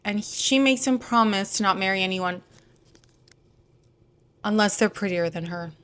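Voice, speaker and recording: Slow, chatty young woman. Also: medium pitch, a bit bright. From Houston, Texas. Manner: chatty, digressive, lots of "like" and asides. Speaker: film vlogger. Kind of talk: casual chat about films.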